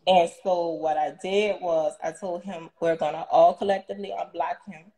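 A young adult woman, a guest in a casual interview, telling a story in an animated way and acting out the people she quotes. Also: on the low side, moderate pace, rough recording. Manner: animated retelling with quoted dialogue and laughs.

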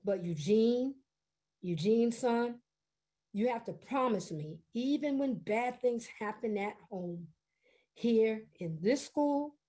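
A woman storyteller voicing a calm, kind male school principal, speaking gently, slowly and reassuringly. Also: mid-range voice, lightly acted.

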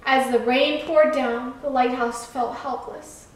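A woman in a church setting reading a children's story aloud in a slow, expressive, kid-friendly way. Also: high-pitched. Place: church room. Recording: echoey room, far from mic.

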